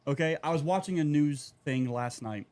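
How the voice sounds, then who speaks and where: Pitched on the high side and moderately paced, this man's voice belongs to a podcast co-host. In casual conversation he riffs in a ranting, profane manner, veering into animated tangents.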